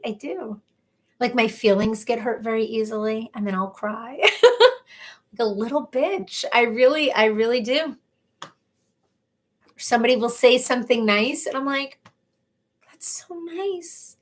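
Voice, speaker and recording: A woman's voice: a little high, a bit bright. A woman in her thirties hosting a casual live stream, reading viewers' comments aloud and talking openly and emotionally. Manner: chatty, emotional, openly personal. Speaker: livestream host.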